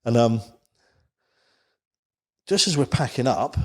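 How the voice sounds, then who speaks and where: This podcast guest is an Isle of Wight man whose medium-pitched voice has a darkish tone, lively intonation and a slow pace. He rambles casually through a long story, sprinkling in plenty of "you know" asides.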